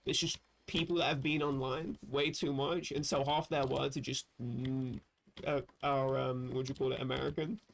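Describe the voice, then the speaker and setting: A man's voice: medium pitch, level tone, moderate pace, creaky, a little hiss or hum. A man from England, chatting casually and profanely on a livestream while reading chat aloud. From southern England. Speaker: livestream host.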